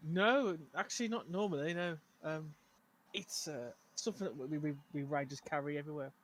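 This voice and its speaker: A man's voice: on the high side, fairly quick, a little hiss or hum, lightly acted, low-quality recording. A man playing a hesitant ranger. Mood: earnest. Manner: hesitant, many fillers. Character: male ranger, earnest and hesitant. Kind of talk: tabletop role-play voice.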